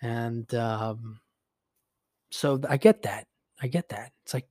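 A man's voice: mid-range voice, slow pace, dry recording, studio quality. Profane man telling a story. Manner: profane, animated retelling with many fillers. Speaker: podcast host. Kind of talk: casual storytelling monologue.

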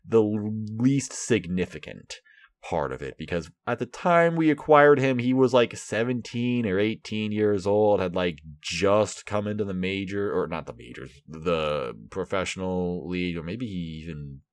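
A man hosting a casual solo baseball commentary podcast, talking sarcastically with mock excitement. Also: low voice, measured pace, no room sound. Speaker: podcast host and baseball fan.

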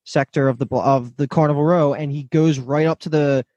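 A man co-hosting a casual podcast chat, calmly steering the talk about a TV episode. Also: a little high, brisk, no room sound. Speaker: podcast co-host.

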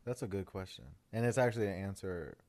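Young male podcast co-host, deep voice, loose rambling delivery, swears. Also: fast talker, a little mellow. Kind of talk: casual chat.

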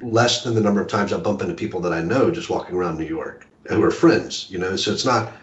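A male author talking casually as an interview guest, halting with many restarts and fillers. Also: low voice. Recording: echoey room, dull lo-fi audio.

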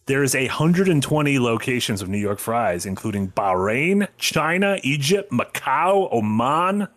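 A man co-hosting a podcast, quick to react. His pitch moves around a lot from line to line, swinging from low asides to high exclamations in a lively, animated way. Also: no room sound. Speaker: podcast co-host. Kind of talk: casual podcast chat.

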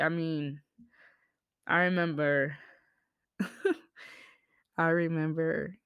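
A woman from the Southern United States, speaking with a Southern accent, hosts a podcast where she tells blunt, profane stories in a candid monologue. Her voice is lowish and creaky. The studio-quality recording has no echo.

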